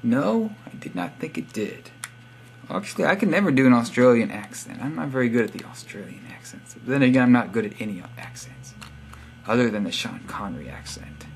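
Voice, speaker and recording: Speaking fast and animated in a gravelly, mid-range voice, this young vlogger reads subscriber profiles aloud and teases them sarcastically, tossing in wry asides throughout his casual shoutout monologue. A little hiss or hum runs under the audio.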